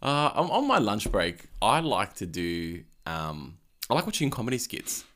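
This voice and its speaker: A young man hosting a podcast in a relaxed, casual chat, swearing freely and laughing easily. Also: fairly low pitch, measured pace. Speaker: podcast host.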